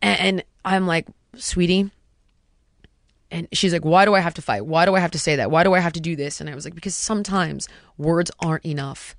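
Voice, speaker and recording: Low-pitched woman in her 30s, chatty storytelling, lots of rhetorical questions, dry close sound. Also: a little fast, no echo. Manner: animated, emphatic, strings rhetorical questions, drops to a hush for quotes. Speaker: podcast guest telling a personal story. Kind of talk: casual conversational storytelling.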